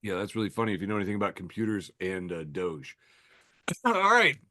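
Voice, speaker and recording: A man's voice: on the low side, wildly swooping pitch, brisk, sharp tone. A man hosting a podcast, reading memes aloud with wry, chuckling asides in a loose, conversational way. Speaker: podcast host.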